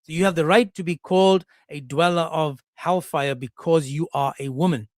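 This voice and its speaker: A man's voice: a little high, steady tone, normal speed, no echo, clean studio sound. A man delivering a mocking, sarcastic commentary monologue, acting out the people he quotes. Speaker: commentary channel host.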